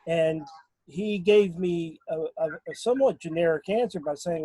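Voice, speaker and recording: A man talking casually in a remote group discussion, halting, with many fillers and restarts. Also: high voice, warm tone, no room sound, poor audio. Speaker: guest on a paranormal discussion.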